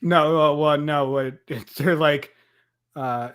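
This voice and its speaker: A man's voice: fairly high pitch, steady tone, slow, fairly bright tone, clean tone. A man co-hosting a podcast, chatting casually and sarcastically about politics. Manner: joking, chuckling, sarcastic. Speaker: podcast co-host.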